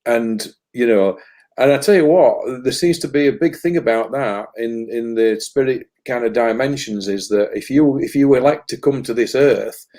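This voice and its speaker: A man's voice: mid-range voice, normal speed, dark tone. A man as a guest on a live talk, musing at length about spiritual experience with many restarts. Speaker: spiritual guest and energy reader. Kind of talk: casual live conversation.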